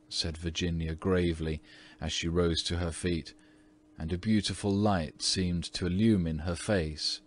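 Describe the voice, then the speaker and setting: A man with a notably low voice narrates a classic story for an audiobook. His delivery is measured and steady, shaped for storytelling. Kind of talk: scripted narration.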